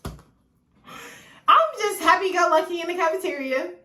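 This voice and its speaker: A woman in her twenties, a vlogger telling a personal story in a chatty, animated way, swearing freely and talking straight to her viewers. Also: extremely high pitch, unhurried. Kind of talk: casual storytelling to the camera. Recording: echoey room.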